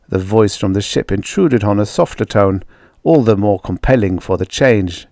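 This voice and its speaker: A man's voice: lowish voice, lively intonation, a little mellow, no echo, clean studio sound. A man narrating a vintage science fiction story as an audiobook reader. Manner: slow, measured reading. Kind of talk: scripted narration.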